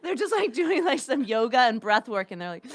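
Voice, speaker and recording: A woman co-hosting a comedy podcast, teasing her friend and giggling in casual chat. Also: on the high side. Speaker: podcast co-host.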